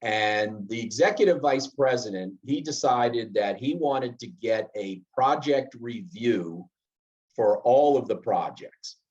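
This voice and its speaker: A man's voice: medium pitch, animated, slow pace, darkish tone, highs cut off. A man giving a leadership lesson in a conversational way, often checking in with "right?" while he tells a story from his work. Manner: conversational, frequent "right?" asides and restarts. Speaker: project management trainer. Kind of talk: instructional talk with personal anecdote.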